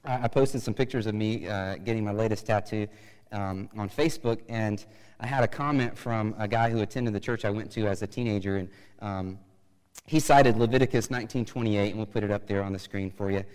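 A man preaching a sermon, chatty and joking, rising to loud emphatic bursts. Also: fairly low pitch, fairly even intonation, a little fast, smooth, in a large hall, rough recording. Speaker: pastor.

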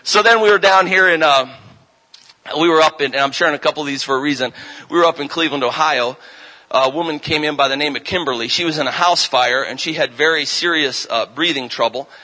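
A man's voice: a little high, a little fast, bright, forceful tone, poor audio. A man in his thirties preaching a revival sermon, telling healing stories and rising into fervent, emphatic declarations.

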